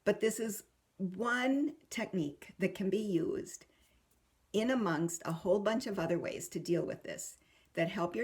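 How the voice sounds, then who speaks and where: Female parenting host, calm and even, gentle explainer. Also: fairly low pitch. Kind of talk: talking to camera about parenting.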